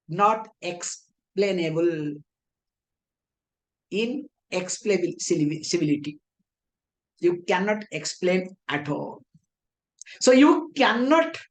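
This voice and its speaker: A woman teaching scripture, often asking rhetorical questions and answering them herself, with playful teasing asides. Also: medium pitch. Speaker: spiritual teacher. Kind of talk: scripture lecture in English.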